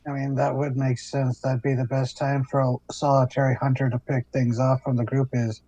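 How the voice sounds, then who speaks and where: A man's voice: mid-range voice, flat delivery, moderate pace, warm tone. A man playing a tabletop game with friends, thinking aloud in a rambling, casual way. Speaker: player.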